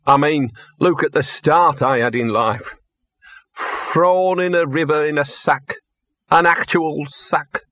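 A scruffy, boozy little talking dog, put on by a male audiobook reader, full of grumbling self-pity and sour lectures. His voice is hoarse and gruff, lifted above the narrator's own pitch and dragged out slowly. The recording is close and dry. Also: a bit bright, no echo.

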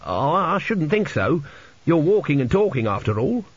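A man's voice: fairly high pitch, sing-song, moderate pace, husky, no room sound, pitched above the performer's own voice. A man voicing an anxious, polite young engineer who talks earnestly and hesitantly, in a lo-fi audiobook recording.

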